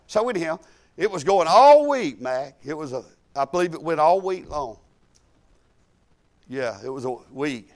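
Folksy preacher, slightly high voice. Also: male voice, animated, normal speed. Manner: folksy, conversational, chuckling. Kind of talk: storytelling sermon.

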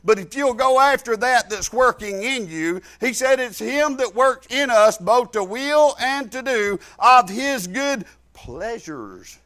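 A male pastor preaching a sermon in a folksy way, swinging between shouted lines and low asides. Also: unhurried, few pauses. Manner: folksy, rising to shouts then dropping low.

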